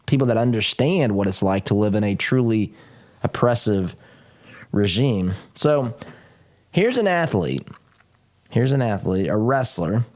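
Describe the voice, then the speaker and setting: A man's voice: fairly low pitch, expressive, measured pace, long pauses, a little mellow. A man hosting a political talk show, speaking emphatically and often repeating phrases, with folksy asides to his listeners. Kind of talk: political commentary monologue.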